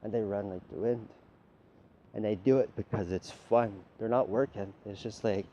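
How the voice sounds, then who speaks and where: A man's voice: on the low side, fairly even intonation, moderate pace, warm tone, slight background noise. A man delivering a rambling, profane, lecturing monologue straight at the listener. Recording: dull lo-fi recording with faint ambience.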